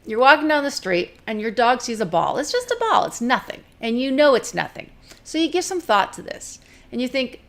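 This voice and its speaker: A woman's voice: a little high, big pitch swings, brisk. A woman giving a recorded talk on dog training in a direct, practical, conversational way, briefly putting on the voices of owners and dogs. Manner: direct and practical, plain-spoken.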